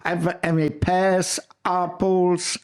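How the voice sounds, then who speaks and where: A man's voice: high-pitched, little pitch movement, slow pace, clean tone. An older man from Italy with a strong Italian accent, a guest chef chatting casually in effusive, broken English. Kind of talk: casual chat.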